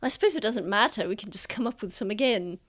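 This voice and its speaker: A woman's voice: mid-range voice, animated, fast talker, fairly bright tone. A woman, narrating as the game master in a casual, rambling way, full of fillers.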